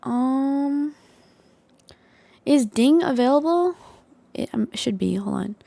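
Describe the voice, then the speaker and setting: A woman's voice: animated, slow pace, gravelly, warm tone, no room sound. A young woman hosting a casual live stream from her desktop setup, bubbly and full of hype. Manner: bubbly, hype, high-energy. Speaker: livestream host.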